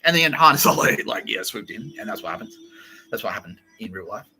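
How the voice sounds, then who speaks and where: Sharp-voiced profane man. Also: on the low side, lively intonation, a little fast, vocal fry, a little hiss or hum, low-quality recording. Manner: profane, laughing, rambling. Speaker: podcast host. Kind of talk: rambling comedic monologue.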